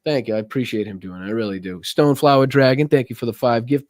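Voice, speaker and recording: A man's voice: medium pitch, steady tone, quick pace, few pauses, dry recording, clean studio sound. A man with a Boston accent hosting a live politics stream, chatting casually, swearing and laughing often as he rambles. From Massachusetts, USA.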